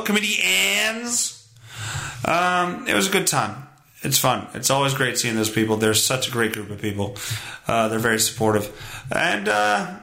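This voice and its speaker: Young guy rambling solo on his podcast, swears a ton, high sharp voice. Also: vocal fry. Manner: profane, rambling, self-mocking. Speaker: podcast host. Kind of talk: casual solo podcast monologue.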